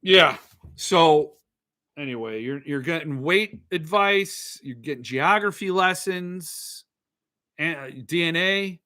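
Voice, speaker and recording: A man's voice: on the high side, animated, slow pace, pushed and bright. A middle-aged man hosting a podcast, chatting casually in a rambling, jokey, self-mocking way. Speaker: podcast host. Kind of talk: casual chat.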